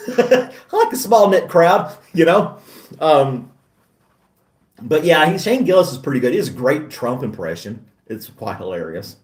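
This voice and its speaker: A man's voice: on the high side, big pitch swings, measured pace, far from the mic. Laughing, self-deprecating man in a roomy room. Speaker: host. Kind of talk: casual chat.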